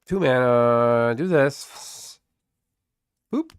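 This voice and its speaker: A streamer in the middle of live gameplay commentary mutters and swaps insults with an opponent we never hear. His mid-pitched voice is animated yet measured in pace, and the recording is close and dry, with no sense of a room.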